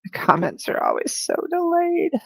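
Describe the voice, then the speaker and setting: A woman's voice: extremely high pitch, huge pitch swings, normal speed, vocal fry, dry recording, low-quality recording. A woman working as a psychic medium who gives a live-streamed spirit reading. She talks in a chatty, rambling way, full of "like," with light laughter.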